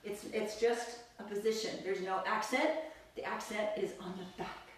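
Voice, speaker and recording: In a very echoey room with a distant mic and music in the background, a woman teaches live belly dance. Speaking at a moderate pace with a medium pitch and fairly even intonation, she counts beats and cues moves with cheerful encouragement.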